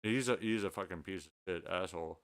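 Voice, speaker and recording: Low smooth-voiced dude, blunt and cussing, keeps tripping over his words. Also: a little fast. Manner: blunt, profane, stammering restarts. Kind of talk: casual late-night chat.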